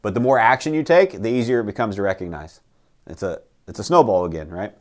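A man's voice: on the low side, quick pace. A man hosting a casual motivational talk, emphatic and blunt, who swears and keeps asking "right?".

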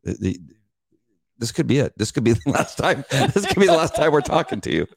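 A middle-aged man co-hosting a casual chat, telling animated stories, acting out voices and laughing often. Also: medium pitch, fairly quick, creaky. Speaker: podcast co-host.

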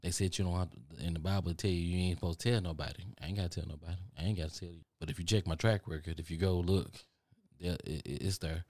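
Texan male podcast host, low and gravelly, preachy and repetitive, dry sound. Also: fairly even intonation, fast talker, darkish tone, no echo. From Texas. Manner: rambling, repeats phrases, preachy. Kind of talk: motivational monologue. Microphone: studio microphone.

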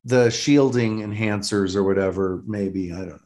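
A man's voice: on the low side, moderate pace, darkish tone. A middle-aged man co-hosting a podcast, chatting casually with joking, incredulous asides. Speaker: podcast co-host. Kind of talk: casual recap chat.

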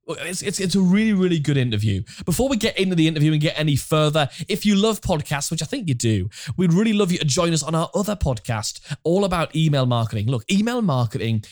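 Male co-host, somewhat higher voice, very animated delivery, jokey and loose. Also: fast talker, hardly any pauses. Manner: animated, jokey, repeats words when starting. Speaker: podcast co-host. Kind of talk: casual podcast chat.

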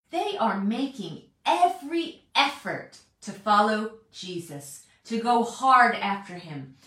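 A woman preaching a chatty, animated Bible teaching, often acting out what people say. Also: mid-range voice. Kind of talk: sermon. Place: large echoey room. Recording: very echoey hall, mic distant.

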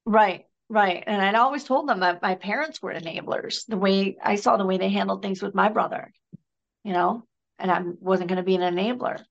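A woman's voice: medium pitch, moderate pace, creaky, highs cut off. A middle-aged woman from Michigan, a podcast guest talking in a loose, rambling way with many fillers and restarts. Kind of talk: casual conversation.

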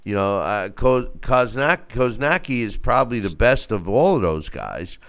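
A man talking boxing on a show as a guest, animated, with stammering restarts. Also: lowish voice, measured pace. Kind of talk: casual boxing talk.

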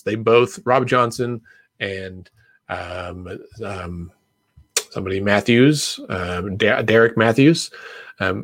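A man's voice: on the low side, fairly bright tone, no room sound. A man hosting a podcast, explaining political news in a loose, rambling way with many fillers. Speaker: podcast host. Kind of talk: casual political chat.

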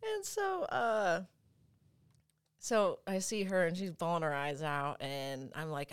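A woman guest speaks in a loose, casual storytelling voice. She is animated and leans on fillers, and laughter slips in often. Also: lowish voice, takes it slowly, clean tone. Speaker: podcast guest.

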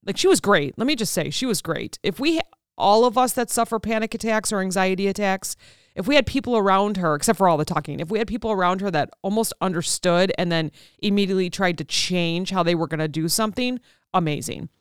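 Candid woman with a smooth, dry voice. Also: mid-range voice, expressive, quick pace, no room sound. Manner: candid and conversational, with frequent fillers. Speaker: podcast host. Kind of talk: personal storytelling.

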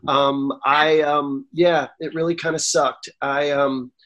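Higher-pitched man telling his story. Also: slow. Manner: animated, acts out quoted dialogue; gets emotional. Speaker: songwriter guest. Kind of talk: storytelling interview.

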